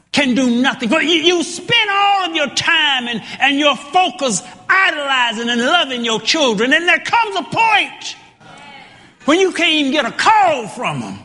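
A man preaching a sermon, reading scripture and then building to emphatic, shouted points with repeated words. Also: very high voice. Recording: long reverb of a large hall.

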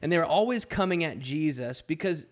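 A man's voice: fairly high pitch, lively intonation, a little fast. A man who is a pastor, talking casually on a podcast and sometimes joking around in silly accents. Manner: playful, slips into goofy put-on accents.

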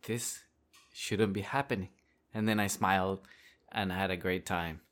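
Animated man telling a story on a podcast. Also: low voice, normal speed. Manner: animated, laughs often while telling. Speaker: podcast host. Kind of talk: casual personal storytelling.

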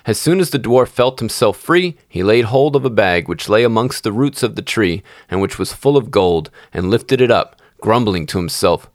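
Man, low voice, steady fairy tale narration, dry close recording. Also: normal speed, hardly any pauses, dry recording. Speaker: storyteller.

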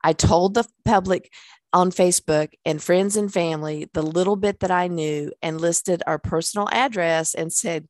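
A woman's voice: on the low side, moderate pace, no echo. A woman, a life coach, reading her own memoir aloud in an earnest way, with small laughs and fillers in the asides.

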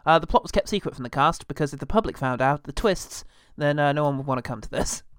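A man co-hosting a comedy podcast, sarcastic and quick-witted, laughing often. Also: a little high, animated, clean tone, no room sound, clean studio sound. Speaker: podcast co-host. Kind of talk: casual comedic chat.

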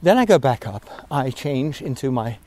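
A man's voice: mid-range voice, very animated, moderate pace, mellow. Chatty man rambling on an outdoor walk. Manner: rambling, chatty, easily distracted. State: slightly out of breath from walking. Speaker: priest podcaster. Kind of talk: casual walking vlog.

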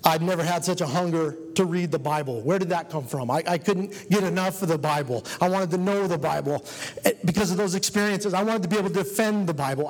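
Speaking fast in a high register, a man addresses a church congregation with sincere personal testimony. He tells his story and urges those listening, his words echoing with the long reverb of the church hall.

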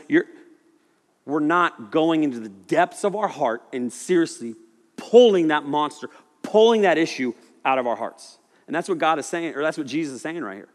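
A man preaching a sermon in a loose, animated, conversational way, often acting out voices. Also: fairly high pitch, moderate pace. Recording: echoey hall reverb.

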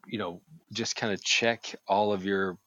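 Low-voiced man, rambling casual chat. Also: fairly even intonation, measured pace, fairly bright tone, no echo. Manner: rambling, profane, restarts often. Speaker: podcast co-host.

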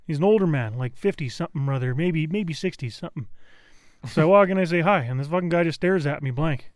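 Fast-talking, profane storytelling man. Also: a little high, no echo. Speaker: podcast co-host. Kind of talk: crude casual storytelling. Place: indoor room around a table.

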